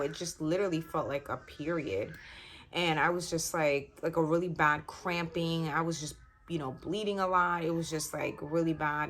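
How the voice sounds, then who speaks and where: Young woman vlogging her story, lowish voice, lots of ums and restarts. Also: fairly bright tone, a little hiss or hum. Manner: candid, rambling, many fillers and restarts. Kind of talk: personal storytelling.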